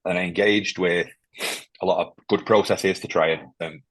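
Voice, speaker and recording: A man sharing a personal story as a podcast guest, emotional and halting, often restarting his sentences. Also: low voice, fairly even intonation, no room sound. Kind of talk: candid interview conversation.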